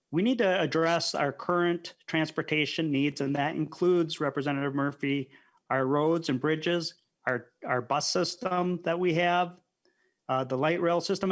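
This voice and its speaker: A man's voice: on the high side, a bit bright. A man, a state legislator, arguing firmly in a committee hearing and pressing his points. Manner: firm, argumentative, repeats points.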